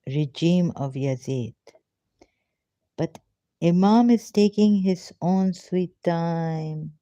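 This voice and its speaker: A woman, an ex-Muslim commentator, reads religious scripture aloud slowly in a lowish voice with a dark tone, stopping to ask emotional, pleading rhetorical questions. The sound is dull, lo-fi and dry.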